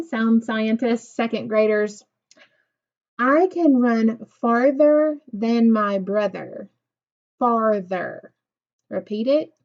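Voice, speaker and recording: Slow, patient woman teaching phonics. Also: mid-range voice, darkish tone. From United States. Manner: slow, patient, encouraging, drawn-out words. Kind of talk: recorded phonics lesson for second graders. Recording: dull lo-fi recording.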